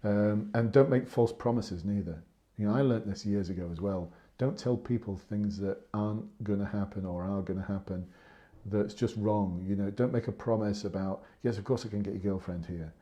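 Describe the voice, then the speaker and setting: Earnest ex-sergeant, low mellow voice. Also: male voice, normal speed, highs cut off. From England. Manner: chatty and earnest, repeats points for emphasis. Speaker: former police sergeant hosting a live stream. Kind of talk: casual live-stream advice talk.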